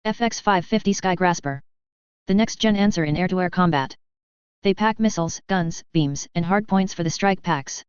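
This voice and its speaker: A woman voicing an enthusiastic male aircraft mechanic in her own lowish voice, on a dull, dry recording. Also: moderate pace, clear, resonant tone, no echo, close to an everyday voice. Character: male aircraft mechanic, gushing over fighters.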